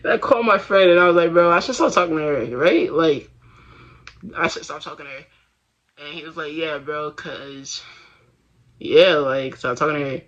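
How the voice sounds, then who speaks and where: A young man tells his story in a loose, slang-heavy, rambling way, stopping and restarting his sentences. His voice sits a little high and sounds sharp and bright. The sound is dull and lo-fi. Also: normal speed, pauses often. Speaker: vlogger. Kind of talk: casual confessional talk.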